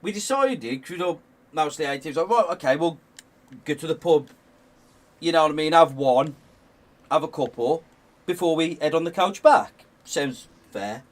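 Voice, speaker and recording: A man's voice: a little high, animated, moderate pace, distant mic. A young man, a guest on a game stream, telling a story in casual chat, rambling with restarts and laughing often.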